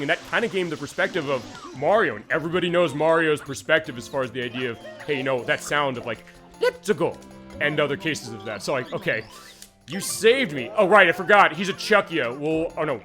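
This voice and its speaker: A man's voice: fairly high pitch, expressive, fast talker, a bit bright, faint music behind. A man hosting a game stream, chatting casually and rambling with many fillers while he plays. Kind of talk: casual let's-play commentary.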